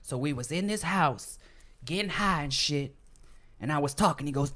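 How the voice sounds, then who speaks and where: A man's voice: fairly high pitch, animated, moderate pace, bright, forceful tone. A man hosting a podcast, telling a long story in casual chat, rambling and profane, full of "like" and restarts, acting out the people he quotes. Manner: acts out quoted people in shifting voices.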